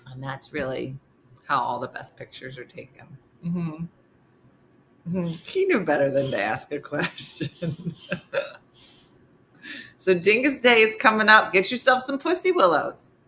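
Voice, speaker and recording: A middle-aged woman hosting a morning show tells comic stories in a casual, laughing way, animated and slipping into character voices for quotes. Her voice sits low, at a measured pace with frequent pauses, and there is a little hiss or hum.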